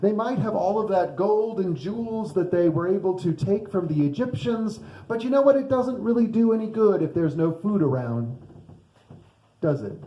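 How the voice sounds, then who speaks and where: A man's voice: sits high, lo-fi sound. A male pastor giving a conversational sermon, often putting questions to the congregation. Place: church sanctuary. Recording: echoey church sanctuary.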